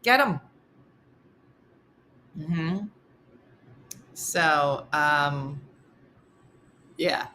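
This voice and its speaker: A woman's voice: deep voice, extremely slow, pauses often, a little hiss or hum. A middle-aged woman hosting a morning show, telling comic stories in a casual, laughing way. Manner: animated, laughing, slips into character voices for quotes. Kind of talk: casual comedic storytelling.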